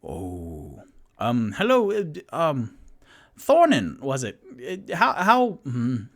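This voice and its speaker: A man's voice: mid-range voice, wildly swooping pitch, takes it slowly, pitched above the performer's own voice, exaggerated voice. A man voicing a timid, polite, lawful-good male adventurer who stammers nervously. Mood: flustered.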